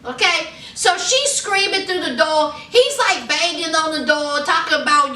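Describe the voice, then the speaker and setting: A woman's voice: sits high, unhurried, vocal fry, few pauses, echoey room, recorded from a distance, a little hiss or hum. A woman talking casually and sassily to her viewers as she recaps a reality show episode. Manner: animated, sassy, talks straight to viewers.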